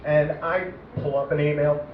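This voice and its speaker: A man telling a story in a stand-up comedy set at an open mic, halting and rambling with many fillers. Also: a little high, level tone, slight background noise. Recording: echoey room from far off, muffled. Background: audience laughter.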